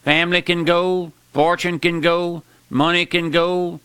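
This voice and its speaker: A man preaching a sermon with impassioned pitch jumps, slowing down for emphasis and calling out "my friend" often. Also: little pitch movement, bright, forceful tone, smooth, dry recording.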